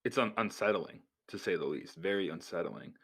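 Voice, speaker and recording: A man's voice: low-pitched, lively intonation, normal speed, fairly bright tone, husky. A man co-hosting a podcast, musing about a film in a rambling, hedging way. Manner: rambling, hedging, trails off often. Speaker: podcast co-host. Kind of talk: casual chat about a film.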